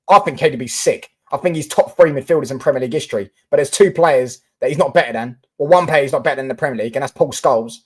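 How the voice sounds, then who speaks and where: A young man live-streaming about football, chatting casually and answering viewer comments with lots of fillers and restarts. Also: medium pitch.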